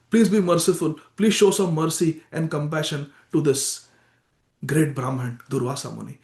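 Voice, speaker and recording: A man voicing a humble, devout king who earnestly begs for mercy, in a temple story retelling. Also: a little high. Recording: echoey temple room.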